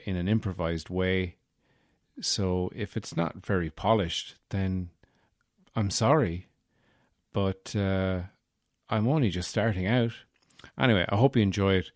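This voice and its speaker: Rambling man, low dry voice. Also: darkish tone, dry recording. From Ireland. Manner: rambling, jokey, swears casually. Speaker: podcast host. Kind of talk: casual solo podcast chat.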